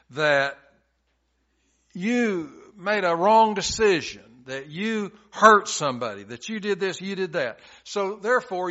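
A man's voice: on the high side, sharp tone, highs cut off. A male pastor preaching a sermon, retelling scripture stories in plain, folksy everyday talk.

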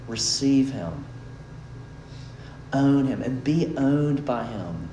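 A man preaching a sermon, earnest, swinging from emphatic peaks down to soft, quiet lines. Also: mid-range voice, takes it slowly, long pauses. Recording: roomy hall sound with faint background noise.

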